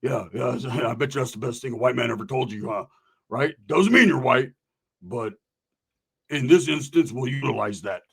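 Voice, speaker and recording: A man's voice: medium pitch, normal speed, creaky, husky, pitched below the performer's own voice. A man voicing his brash, swaggering friend, a profane, pushy guy who calls everyone brother. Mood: mocking.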